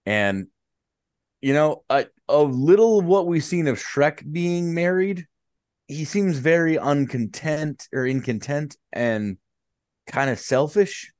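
Slow, halting podcast co-host man. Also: on the high side, darkish tone, no echo, studio quality. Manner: halting, restarts often, slow drawl. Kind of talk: casual banter.

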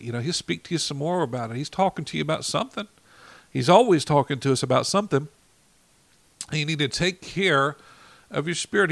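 A man's voice: on the high side, vocal fry, fairly bright tone. A man ministering in an informal devotional talk, enthusiastic and fired up, often saying "you know.".

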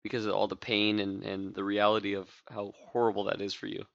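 A man's voice: on the low side, level tone, quick pace, vocal fry, a bit bright, no echo. A man on a podcast talking in a reflective, dryly teasing way. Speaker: podcast co-host. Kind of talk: casual chat. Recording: dull, dry lo-fi audio.

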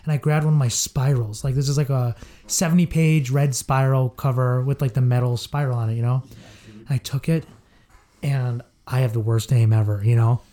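A young man co-hosting a podcast, telling a school story in an animated, laughing way. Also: mid-range voice, moderate pace. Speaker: podcast co-host. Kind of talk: casual storytelling chat.

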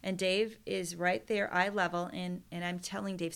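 A woman's voice: on the low side, little pitch movement, normal speed, gravelly, few pauses. A middle-aged woman, a podcast guest, earnestly retelling a personal story with emotion and quoted prayers.

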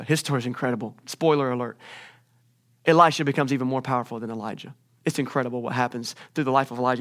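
A man in his forties giving a sermon as a youth pastor, talking conversationally and moving between hushed and emphatic delivery. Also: medium pitch, fairly even intonation, fast talker.

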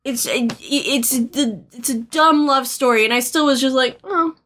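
Bright-voiced chatty woman podcaster. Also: high voice, moderate pace, slight background noise. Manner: chatty, sprinkled with "like" and "um"; earnest and sentimental. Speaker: podcast co-host. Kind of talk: casual movie-recap chat.

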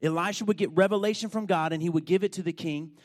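A man preaching a sermon, telling a story with animated, emphatic build-ups. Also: high voice, quick pace. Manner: animated storytelling, rising to loud emphatic points.

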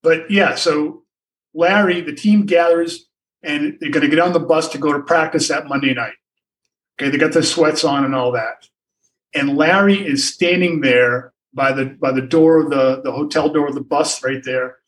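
A man's voice: fairly high pitch, steady tone, normal speed, a bit bright, recorded from a distance, poor audio. Older man rambling through anecdotes. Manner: rambling, many restarts and asides. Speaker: sportswriter guest. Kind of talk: anecdotal storytelling in a podcast interview.

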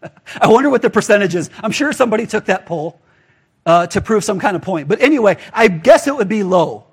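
A man with a high voice preaching in a loose, conversational way. He talks to the congregation like friends and slips into little acted-out voices for the people in his stories. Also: fairly quick, breathy edge. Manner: casual and animated, acts out quoted voices. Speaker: pastor. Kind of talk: conversational sermon.

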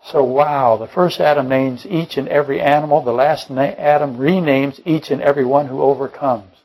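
A man's voice: medium pitch, steady tone, moderate pace, a little mellow, poor audio. A man preaching a Bible-study sermon, rambling and correcting himself mid-sentence, firing off rhetorical questions and dropping joking asides. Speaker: pastor.

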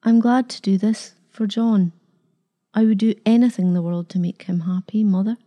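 A dying young mother, voiced by a woman narrator, whispering her last words. The voice is breathy and faint. The tone is warm and mellow. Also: mid-range voice, fairly even intonation, normal speed, natural voice. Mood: tender.

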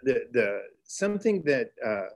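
A middle-aged man from Texas, a teacher telling a classroom story in an interview, earnest, with restarts and excited bursts. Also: medium pitch, unhurried. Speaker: teacher and author guest. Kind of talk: storytelling in conversation.

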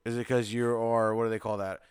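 A man's voice: medium pitch, little pitch movement, fairly quick, a little mellow, clear, resonant tone, dry recording, studio quality. A man co-hosting a podcast in casual banter, teasing and pushy, repeating his questions over and over. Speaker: podcast co-host.

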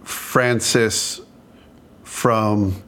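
A man's voice: fairly low pitch, steady tone, extremely slow, fairly bright tone. A married man co-hosting a podcast in casual chat, joking and self-deprecating with frequent restarts. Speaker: podcast co-host.

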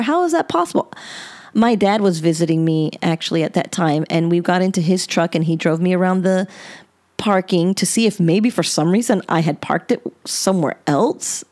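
A woman hosting a podcast, telling a personal story in a casual, animated way, her pitch jumping up at the dramatic moments. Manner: animated, chatty, with sudden rises in pitch. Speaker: podcast host.

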